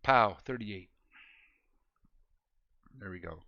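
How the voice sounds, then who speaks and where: A man with a low, gravelly voice and a bright edge chats easily while streaming a game. He is laid-back and jokey, laughing often and thanking viewers as he goes. The audio is dull and lo-fi. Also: slow pace, a little hiss or hum. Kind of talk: casual gameplay chat with viewers.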